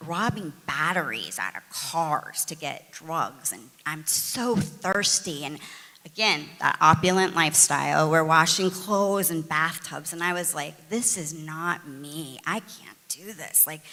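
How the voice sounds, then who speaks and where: A middle-aged woman from the United States, candidly telling her recovery story in a chatty, animated way, full of fillers and restarts. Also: low-pitched, in a large hall. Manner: conversational, frequent fillers and restarts, animated retelling. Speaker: guest sharing her recovery testimony.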